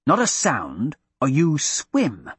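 A man voicing a tough mercenary who makes low, menacing threats, with a husky, dry voice. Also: wildly swooping pitch, takes it slowly, a bit bright, no echo, heavily acted.

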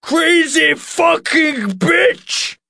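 A man doing a drunk, slurring man yelling crude insults, his voice pushed high and strained. The words drag slowly and sound dry and close. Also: lively intonation, gravelly, no echo, full character voice. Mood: drunk angry.

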